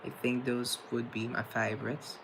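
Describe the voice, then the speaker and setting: Creaky-voiced young man chatting with viewers. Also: mid-range voice, flat delivery, moderate pace, noisy background. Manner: chatty, playful and campy, with pet names for viewers. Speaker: livestream host. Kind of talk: casual chat reading viewer comments.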